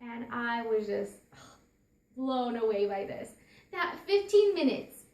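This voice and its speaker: High-voiced woman telling a story. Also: sing-song, slow pace, darkish tone, roomy sound. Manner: earnest, restarts and repeats phrases. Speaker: parent giving a talk. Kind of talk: personal storytelling talk.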